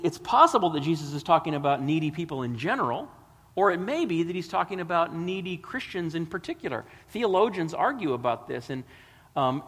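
A man's voice: a little high, a bit bright, breathy edge. A man preaching a sermon, reading scripture dramatically and explaining it with emphatic, rising delivery. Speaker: pastor. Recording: long hall reverb.

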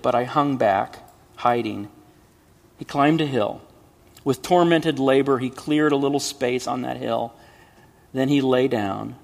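Male storyteller, gravelly, measured and expressive delivery, hall reverb. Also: mid-range voice. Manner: measured, expressive, hushed at sad moments. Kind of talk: dramatic story reading.

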